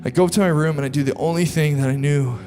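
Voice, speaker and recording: A man's voice: a little high, fairly even intonation, quick pace. Earnest young man preaching in a hall. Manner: earnest, confessional, builds to impassioned preaching. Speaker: pastor. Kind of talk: sermon with personal story. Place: large church auditorium. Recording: live church hall reverb with soft music.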